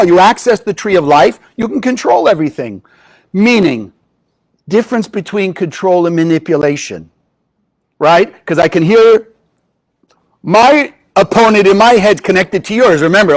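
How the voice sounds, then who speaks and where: High-voiced man giving an animated spiritual lecture. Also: poor audio. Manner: animated, rhetorical questions to the audience. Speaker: Kabbalah teacher.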